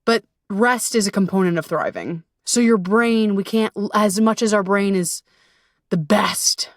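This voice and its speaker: A woman's voice: medium pitch, measured pace, dry recording. Woman, 30s, solo podcast host, playful and profane, dry close-up recording. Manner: chatty, swearing, playful asides. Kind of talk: casual solo podcast talk.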